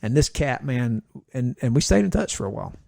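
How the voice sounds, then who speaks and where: A man in his forties, a pastor guest on a podcast, telling lively stories from his travels and acting out the people in them. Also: medium pitch, fairly quick, gravelly, no echo, studio quality. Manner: lively storyteller who acts out the voices in his stories. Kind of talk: casual storytelling chat.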